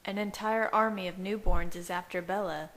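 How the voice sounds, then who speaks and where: A woman reading a fanfiction aloud, voicing a tense, protective young male vampire in her own lowish voice. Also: steady tone, moderate pace, a bit bright, poor audio.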